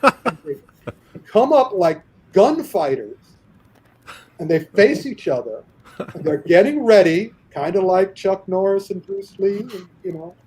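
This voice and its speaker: Husky, animated male storyteller. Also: high voice, a little slow, poor audio. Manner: animated storyteller, acts out quoted voices. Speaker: guest storyteller. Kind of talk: casual podcast anecdote.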